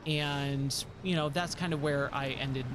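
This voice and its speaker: Hoarse, tired man streaming a game. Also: a little high, steady tone, a little slow, noisy background. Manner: rambling, repeats words when flustered. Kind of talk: casual live-stream chat.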